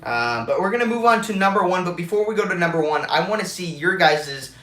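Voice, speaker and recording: A young man talks in a casual fan vlog, rambling and excitable, full of ums and uhs. His voice sits a touch high and sounds a little stuffy from allergies. The room around him rings with echo. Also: a little fast, a little hiss or hum. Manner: rambling, excitable, with many fillers. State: congested, with allergies and swollen mouth. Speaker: wrestling fan vlogger.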